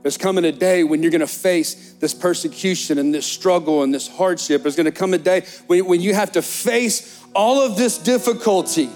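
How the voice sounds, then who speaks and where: A middle-aged man, preaching a sermon as pastor in a church, telling stories with lively animation. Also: high-pitched, moderate pace, few pauses, soft background music. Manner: animated storytelling, acts out disciples' excited chatter. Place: church sanctuary.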